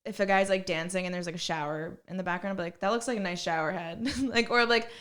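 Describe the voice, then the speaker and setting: A young woman chatting casually as a podcast guest. She talks bluntly and swears freely, piling filler words into her stories. Her voice sits at an ordinary, middle pitch for a woman. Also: fast, a bit bright. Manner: blunt, profane storytelling with many fillers. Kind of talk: casual chat.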